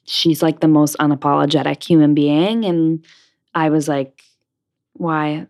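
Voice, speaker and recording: A young woman talks freely as an interview guest, piling in fillers as she goes. Her voice sits low for a woman. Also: little pitch movement, moderate pace, a little mellow. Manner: chatty, lots of fillers. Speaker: interview guest, stage actress. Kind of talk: casual interview chat.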